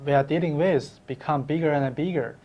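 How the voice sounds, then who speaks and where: Halting man answering interview questions. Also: a little high, highs cut off. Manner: halting, with many fillers and restarts. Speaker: company co-founder guest.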